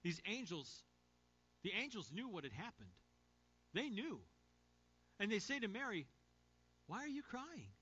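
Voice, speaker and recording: A man preaching a sermon in a church, his voice a little high and bright with a pressing edge. He talks earnestly and sinks to a quiet hush to drive points home. The audio is dull and lo-fi. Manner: earnest, drops to a soft hush for emphasis. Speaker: pastor.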